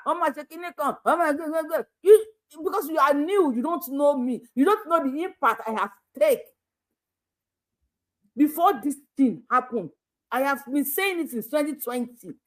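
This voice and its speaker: A woman's voice: high voice, animated, moderate pace. A Nigerian woman hosting her own channel, talking casually and laughing a lot, switching between Yoruba and pidgin English. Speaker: YouTube channel host. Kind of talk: casual live commentary.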